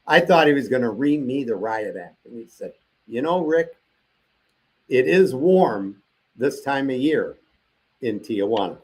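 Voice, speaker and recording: A man's voice: medium pitch, expressive, unhurried, long pauses, a little mellow, slightly rough. An older man as an interview guest, telling a long personal story and acting out the voices of the people he quotes.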